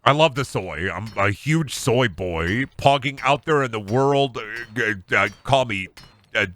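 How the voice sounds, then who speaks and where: A man's voice: medium pitch, animated, unhurried, a bit bright. A man streaming a game, chatting casually and ranting in a joking way with a lot of swearing. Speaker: gaming streamer. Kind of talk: casual live-stream chat.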